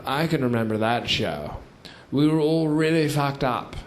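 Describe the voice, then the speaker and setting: Before a live theater audience, a man plays a rambling old British chap, stuffing each line with "you see" and "sort of" in a comic monologue. He speaks at a measured pace and medium pitch, with a faint crowd audible in the noisy recording.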